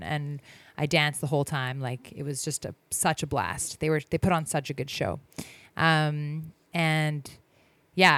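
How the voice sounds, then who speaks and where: A woman's voice: deep voice, a bit bright, clear, resonant tone, dry recording. A woman in her thirties hosting a radio show, chatting casually between songs with lots of ums and self-corrections. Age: 30s. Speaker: radio host.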